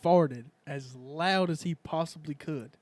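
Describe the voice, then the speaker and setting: A young man hosting a casual chat, telling profane stories and shouting out quoted lines. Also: fairly high pitch, slow, no room sound. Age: young adult. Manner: profane storytelling, loud acted quotes. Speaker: podcast host.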